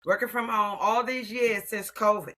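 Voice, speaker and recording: Bright-voiced woman in her sixties. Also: mid-range voice, moderate pace, low-quality recording. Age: 60s. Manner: expressive, warm endearments like "honey". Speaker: interview guest. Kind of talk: animated personal storytelling.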